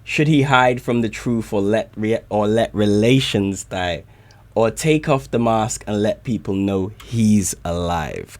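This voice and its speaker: A man reacting to community music on a live stream, hyped and excitable, often shouting his praise. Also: fairly low pitch, a little slow.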